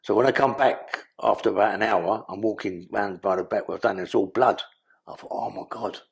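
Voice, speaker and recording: A man's voice: fairly low pitch, fairly even intonation, normal speed, creaky, slightly rough. An older man with a London accent telling his life story in an interview, blunt and streetwise, swearing freely. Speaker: guest.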